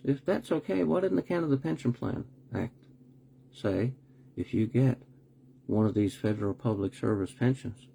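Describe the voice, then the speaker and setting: A man's voice: mid-range voice, animated, moderate pace, gravelly, warm tone, breathy edge. A man hosting a live online broadcast, talking bluntly with rhetorical questions, sarcastic asides and the odd swear word. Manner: swears when annoyed. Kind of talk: live-streamed commentary.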